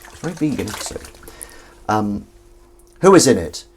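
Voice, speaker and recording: Dishes and cutlery clink as a man washes up in his kitchen at home, vlogging casually, wandering through film trivia and talking to someone else in the room. He speaks in a lowish, sing-song voice at a moderate pace against a noisy background.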